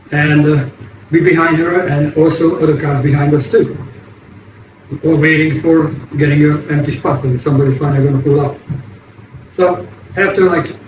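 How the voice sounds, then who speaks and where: An older man tells his story in a halting, rambling way, his voice set a little high for a man. He sits back from the microphone, so the sound comes through echoey and distant. A steady hiss of noisy ambience runs underneath. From United States. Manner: rambling, halting, many restarts. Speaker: vlogger. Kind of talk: casual storytelling.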